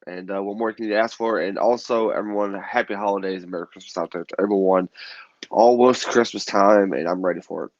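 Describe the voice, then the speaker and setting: A man's voice: on the low side, steady tone, brisk, no room sound. Stuffy-voiced male co-host, dull sound. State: stuffy from a cold. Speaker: podcast co-host. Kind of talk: casual chat.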